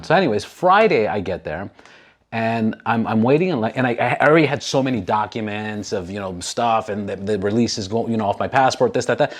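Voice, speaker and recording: A man's voice: lowish voice, brisk. A man in his thirties hosting a casual talk show, telling stories animatedly with plenty of swearing and acted-out quotes. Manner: animated, profane, acts out quoted people. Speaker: podcast host. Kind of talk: casual storytelling.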